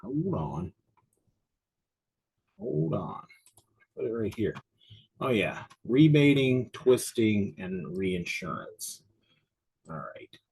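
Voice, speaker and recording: A man's voice: lowish voice, big pitch swings, slow, creaky, long pauses, darkish tone, husky, poor audio. A middle-aged man, a little winded, teaching an insurance exam class on a livestream in a chatty, rambling, self-deprecating way at his desk mic.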